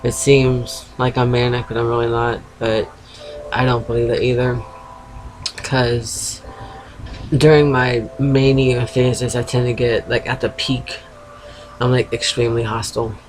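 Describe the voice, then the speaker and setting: At home by his computer, a man in his thirties with a fading East Coast US accent records a rambling, confessional video diary while feverish and sedated, speaking frankly, swearing casually and interrupting himself. His mid-range voice is level and unhurried, with background noise in the recording.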